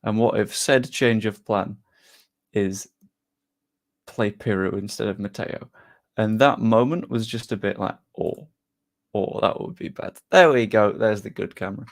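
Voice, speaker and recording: A man's voice: fairly low pitch, fairly even intonation, measured pace, creaky, pauses often. A young man, chatting casually to his live-stream viewers before a football match, reading chat aloud and joking at his own expense. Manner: chatty, self-deprecating, reads chat aloud.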